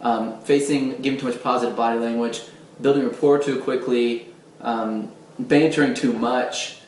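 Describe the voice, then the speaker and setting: A man's voice: medium pitch, fairly even intonation, moderate pace, echoey room, slight background noise, low-quality recording. A man giving a casual, demonstrative dating lesson, talking conversationally with fillers and restarts. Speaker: dating coach. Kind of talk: casual instructional talk to camera.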